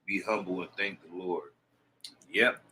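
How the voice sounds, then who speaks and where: A man's voice: low voice, fairly even intonation, measured pace, pushed and bright, a little hiss or hum, low-quality recording. A man co-hosting a casual chat, chiming in with short remarks on the comments. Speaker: co-host.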